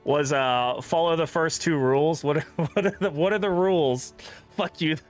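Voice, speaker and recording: Over faint background music, a young man streams a game and talks casually, cursing without restraint and laughing often. He is a gaming streamer doing relaxed let's-play commentary, his voice fairly high and his pace normal.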